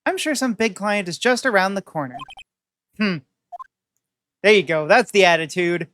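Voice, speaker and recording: A woman's voice: mid-range voice, animated, normal speed, a bit bright, slight background noise. A woman streamer giving casual game commentary with wry, chatty, sarcastic asides. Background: faint game music.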